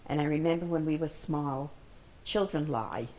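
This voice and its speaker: Deep-voiced woman in her nineties. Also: a little hiss or hum. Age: 90s. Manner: calm, deliberate storyteller. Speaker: interviewee. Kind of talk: storytelling in an oral history interview. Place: library reading room.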